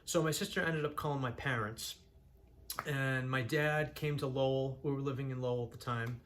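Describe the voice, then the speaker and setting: With a medium-pitched, fairly bright voice and fairly even intonation, this young channel host from Massachusetts, USA, talks at a normal speed. His candid storytelling about his own life rambles earnestly with frequent restarts, over slight background noise.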